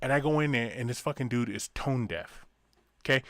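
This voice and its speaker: A man's voice: medium pitch, brisk, no echo. A man co-hosting a podcast, telling stories in casual chat, swearing freely and acting out other people. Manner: animated storyteller, swears a lot, acts out characters. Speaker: podcast co-host.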